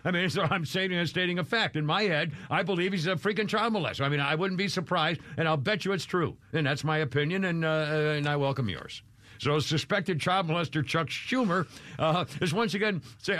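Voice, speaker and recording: A man with a fairly high, sharp-toned voice talks fairly quickly, with no room sound on his studio microphone. He hosts a casual talk radio show in a studio fitted with video cameras, rambling, opinionated, and often laughing and mimicking people.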